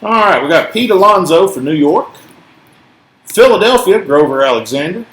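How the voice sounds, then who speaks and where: A chatty man from Tennessee with a mild Southern accent and a fairly high voice, calling out cards and cracking jokes as he hosts a break. He is recorded in an echoey room. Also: expressive, normal speed, a bit bright. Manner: chatty, jokey, calls out each card. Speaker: host of a card break. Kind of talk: casual live card-break chat.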